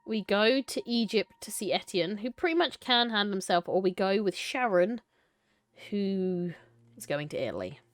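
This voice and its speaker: A woman's voice: mid-range voice, lively intonation, moderate pace, no room sound. A young adult woman live-streaming a choice game, reading it aloud and chatting playfully with viewers, laughing and swearing casually.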